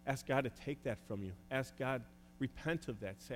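Man, pastor, sermon, earnest, halting delivery, long reverb, faint background hum. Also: mid-range voice. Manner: earnest, urges listeners to repent, many "uh" pauses. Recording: echoey hall with faint hum.

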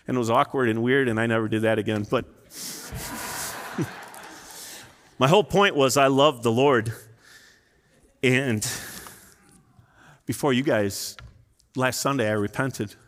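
With frequent pauses and a slightly slow pace, a pastor in his fifties shares personal stories earnestly and emotionally from a church sanctuary. His mid-range voice is fairly bright, and long reverb rings through the large hall.

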